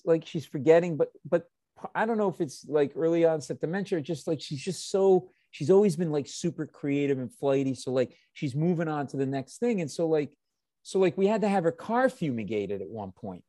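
A man telling rambling comic stories in casual chat, swearing freely and getting animated. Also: a little high, moderate pace, no echo, clean studio sound. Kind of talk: casual chat, comedic storytelling.

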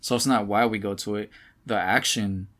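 Male co-host, low voice, blunt and a bit hesitant, casual swearing. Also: fairly even intonation, moderate pace, a bit bright. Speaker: podcast co-host. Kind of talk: casual chat about video games.

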